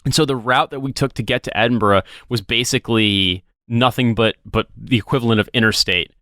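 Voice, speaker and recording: This American podcast co-host has a mid-range voice that sounds pushed and bright, and he talks fairly quickly. Recorded cleanly in a studio with no room sound, he rambles through stories in casual chat, swears freely, and tries out silly voices.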